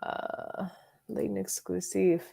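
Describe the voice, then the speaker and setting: A woman's voice: medium pitch, fairly even intonation, slow pace, creaky, warm tone. A woman hosting a casual fragrance livestream, chatting loosely and answering viewers' comments with frequent "like" and "um". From Florida. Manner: chatty, reads and answers live chat, frequent likes and ums.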